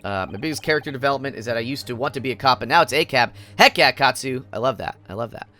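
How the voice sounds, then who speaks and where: A man's voice: mid-range voice, expressive, very fast, pushed and bright, dry recording. A man streaming a courtroom video game, in playful, goofy casual commentary as he reacts to his chat.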